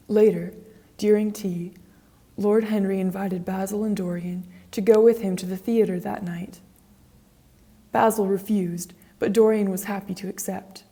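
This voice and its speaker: A woman reading a graded reader audiobook with slow, careful narration. Her voice is mellow and soft, with an airy, breathy edge. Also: lowish voice, flat delivery. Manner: slow, clear, measured.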